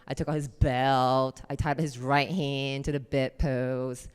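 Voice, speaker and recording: A woman's voice: rumbling low, measured pace, smooth, big-room sound. A woman comedian doing a stand-up set on a club stage, acting out voices and chatting with the crowd. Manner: animated, acts out voices, chats with the crowd.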